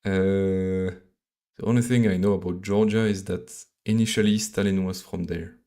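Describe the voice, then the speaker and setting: A man from Belgium with a French accent, live-coding on a stream and thinking aloud in a halting, mumbling way full of fillers and restarts. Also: sits low, steady tone, mellow.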